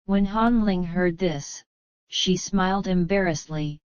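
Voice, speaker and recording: Slow, smooth-voiced woman narrating a novel. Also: fairly low pitch, no echo. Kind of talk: novel reading. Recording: slightly dull, muffled.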